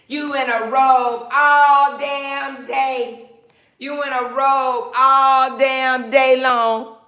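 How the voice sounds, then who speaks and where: A middle-aged woman hosting a casual livestream, her voice bright and forceful. She answers her viewers directly with a sassy, laughing edge. Her pitch sits at an ordinary middle level. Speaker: livestreamer reading viewer comments.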